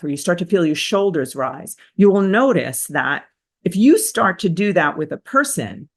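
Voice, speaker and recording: A woman therapist hosting a motivational self-help talk, energetic and emphatic, with repetitive phrasing. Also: lowish voice. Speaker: therapist and host.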